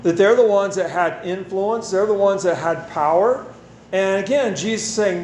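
A man preaching a sermon in a relaxed, conversational way, repeating phrases for emphasis as he leads prayer and explains scripture. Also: sits high, moderate pace, roomy sound, a little hiss or hum, rough recording. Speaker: pastor.

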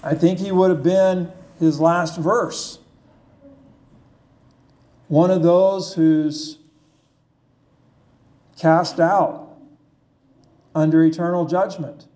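A man preaching a sermon in a slow, conversational way, asking his listeners questions. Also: a little high, steady tone, dark tone. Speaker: pastor.

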